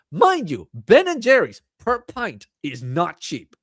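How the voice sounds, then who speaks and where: A man being interviewed about his book, telling anecdotes in a casual, animated way and acting out the dialogue. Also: high-pitched, slow pace, no room sound, studio quality. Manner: animated, acts out quoted dialogue. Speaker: author guest.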